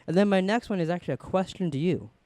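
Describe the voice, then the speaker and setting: A young man co-hosting a casual TV review chat, excited and rambling with lots of restarts. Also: high voice, fast, no echo. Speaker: podcast co-host.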